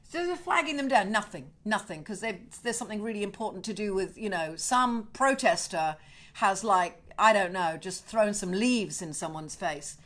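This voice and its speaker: A middle-aged woman hosting a casual home livestream, telling a story in an indignant, sweary, animated way. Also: medium pitch, normal speed. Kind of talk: casual chat to viewers.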